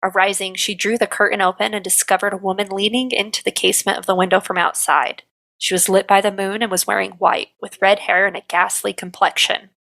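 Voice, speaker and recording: A woman co-hosting a podcast, reading a history segment in a steady storytelling manner. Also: medium pitch, a little fast, gravelly. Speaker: podcast co-host.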